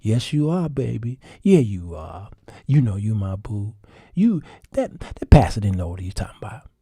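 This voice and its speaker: A man doing a soft-spoken doting wife. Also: lowish voice, very animated, moderate pace, slightly rough, no room sound, studio quality, pitched below the performer's own voice, full character voice. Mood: soothing. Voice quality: soft, hushed cooing voice. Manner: calls him baby, soothing, then scolding. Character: gentle, doting wife soothing her husband.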